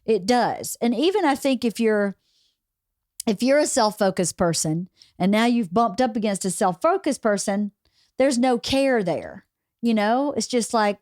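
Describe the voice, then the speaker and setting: A woman's voice: fairly high pitch, animated, a little slow, a little mellow, no room sound, clean studio sound. A woman with a Southern American accent hosting a casual podcast interview, chatty and acting out quoted voices. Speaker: podcast host.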